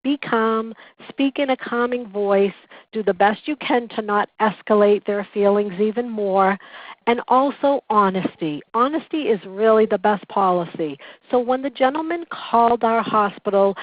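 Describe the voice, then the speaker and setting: Woman trainer leading a webinar, calm, earnest teaching manner; thin phone-quality recording with no room sound. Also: mid-range voice, dry recording. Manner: calm, earnest, instructive storytelling. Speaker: patient relations coordinator teaching a class. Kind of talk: webinar presentation. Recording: tinny phone-like dry recording.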